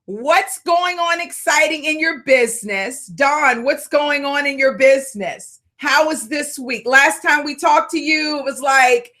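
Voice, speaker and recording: A woman coaching and hosting a live call, excitable and quick to shout greetings. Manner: high-spirited.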